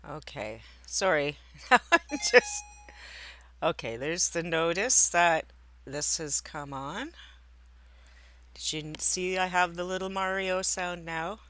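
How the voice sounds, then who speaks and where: A woman with a bright, forceful voice chats on a live stream from home. She rambles and cuts herself off mid-thought as she fiddles with her setup, talking half to viewers and half to herself. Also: on the low side, slow, long pauses, slight background noise. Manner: rambling, self-interrupting, talking to herself while setting up. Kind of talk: casual live-stream chat. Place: indoors at home by a window.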